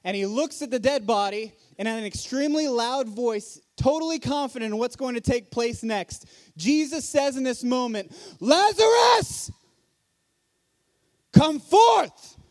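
A man with a high-pitched voice preaches a sermon at a conference, speaking in a hall. He talks earnestly and conversationally, leaning on rhetorical questions to draw in the room. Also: moderate pace, hardly any pauses, darkish tone.

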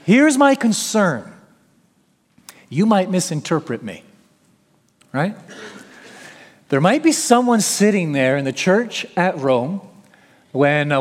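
A man's voice: high voice, in a large hall. A man preaching an expository sermon, emphatic, sometimes paraphrasing the apostle in the first person.

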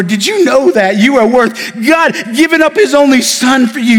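A man pastor preaching a sermon, building emphasis and then falling to soft near-whispers. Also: extremely high pitch, lively intonation, normal speed, few pauses, long reverb tail. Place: church sanctuary.

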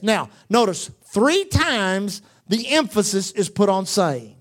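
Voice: mid-range voice, slow, few pauses. A preacher delivering a sermon, repeating phrases for emphasis and quoting scripture in old-fashioned wording. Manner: animated, repetitive emphatic preaching with asides; quotes scripture in King James wording.

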